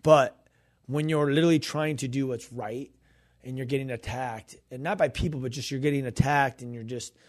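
A man's voice: medium pitch, fairly even intonation, moderate pace. A man co-hosting a faith podcast, telling a story in a casual chat and acting out the quoted dialogue. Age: adult, grown pastor's kid. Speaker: podcast co-host and minister.

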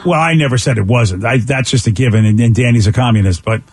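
A man's voice: mid-range voice, quick pace, slightly rough. A male radio host in casual morning show banter, joking and teasing his co-hosts.

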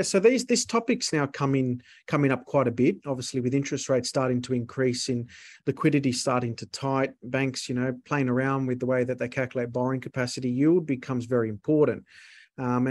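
A man's voice: medium pitch, darkish tone. A man, a guest accountant who explains figures step by step with worked examples. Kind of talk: explanatory interview talk.

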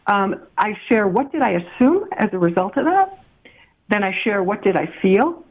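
A middle-aged woman, a guest relationship coach on a podcast, explains a communication method over a tinny phone line. Her mid-range voice is sing-song and slightly rough at a moderate pace, and she's warm, laughing now and then as she gives examples.

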